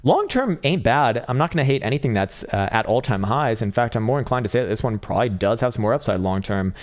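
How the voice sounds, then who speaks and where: A man's voice: on the low side, fast talker. An American man in casual live-stream commentary, reading viewer comments aloud and talking through charts in a laid-back, profane way. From United States. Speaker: livestream trading analyst.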